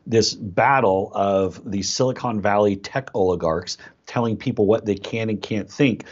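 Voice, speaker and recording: A man's voice: fairly low pitch, unhurried, breathy edge. A man answering interview questions in an assured, pointed manner, over dull lo-fi audio. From United States. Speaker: guest.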